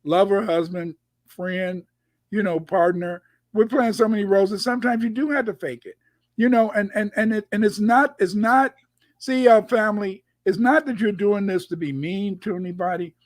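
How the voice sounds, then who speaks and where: A man's voice: high-pitched, moderate pace, no room sound. A man on a video call, chatting casually and telling stories, often repeating his words as he rambles. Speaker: guest commentator. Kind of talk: casual conversation.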